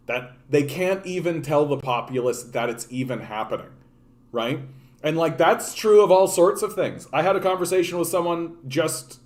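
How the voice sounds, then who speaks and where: Profane ranting man, restless delivery. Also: on the high side. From Canada. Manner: profane, animated, repeats and restarts words. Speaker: political livestream host. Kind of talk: casual ranting commentary.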